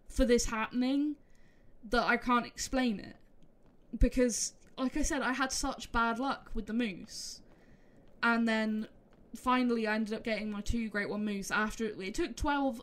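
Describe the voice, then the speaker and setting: A woman gaming creator, emotional and rambling, speaking haltingly and repeating herself. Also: fairly high pitch, fairly bright tone. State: emotional, close to tears. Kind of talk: emotional video outro.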